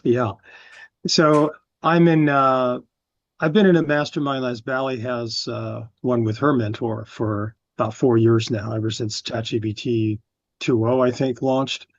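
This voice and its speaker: A man's voice: medium pitch, steady tone, a little slow, no room sound. Man participant, polite and long-winded, dry dull call audio. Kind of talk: casual chat on a video call. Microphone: video call.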